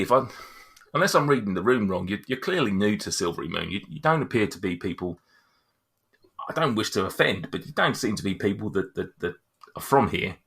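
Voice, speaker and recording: A man's voice: fairly low pitch, a bit bright, slightly rough, exaggerated voice. A man playing a clumsy, overeager tavern local who rambles and stammers apologetically.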